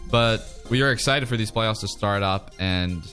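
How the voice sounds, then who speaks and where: Low-voiced young man hosting college radio. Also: a little slow, a bit bright, faint music behind. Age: young adult. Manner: rambling, easygoing, trails off mid-sentence. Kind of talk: casual sports chat.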